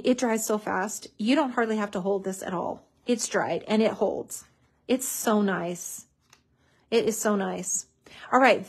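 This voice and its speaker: With a husky voice pitched a little high, this woman walks viewers through a casual crafting demonstration. She glues and layers papers, chatting away enthusiastically and calling things "so cute" again and again.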